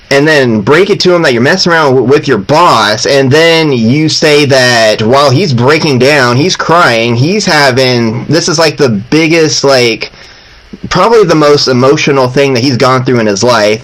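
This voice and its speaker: A man's voice: medium pitch, moderate pace, a bit bright, low-quality recording. A man hosting a reaction video, commenting casually and with exasperation, repeating himself.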